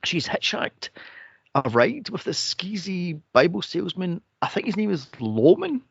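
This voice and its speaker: A man co-hosting a film podcast, sarcastic and profane, mocking characters with shrill impressions. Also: sing-song, unhurried, vocal fry, husky, no echo. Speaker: podcast co-host reviewing a film. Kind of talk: casual chat. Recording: dull lo-fi dry podcast audio.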